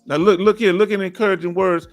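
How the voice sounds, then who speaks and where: A middle-aged man from Houston, hosting a casual livestream and warmly encouraging viewers as he reads their comments. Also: sits high, steady tone, fast. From Houston, Texas. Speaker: livestream host. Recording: faint music behind.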